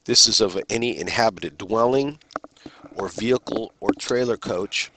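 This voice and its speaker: A man giving a recorded criminal justice lecture in a measured, deliberate way, pausing and sometimes restarting a phrase. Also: lowish voice, noisy background. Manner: measured, deliberate delivery with pauses and occasional restarts.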